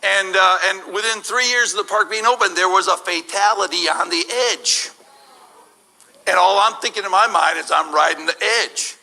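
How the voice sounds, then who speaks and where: Middle-aged guy telling a funny story at church, high gravelly voice, keeps restarting. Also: normal speed, a little hiss or hum, rough recording. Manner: animated, laughing, many restarts. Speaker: guest speaker at a church service. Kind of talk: humorous personal storytelling.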